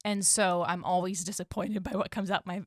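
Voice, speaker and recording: Thoughtful podcast co-host woman, lowish voice. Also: flat delivery, fairly quick, dry recording, studio quality. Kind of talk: casual podcast chat.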